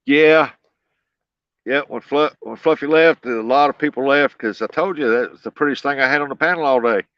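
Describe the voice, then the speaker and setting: A folksy man with a drawl, chatting easily with his viewers while fishing beside a flooded river. His voice sits at an ordinary middle pitch, and he chuckles often. The sound is dull and lo-fi, with a dry, close feel and no room echo. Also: brisk. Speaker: livestream host. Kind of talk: casual livestream chat while fishing.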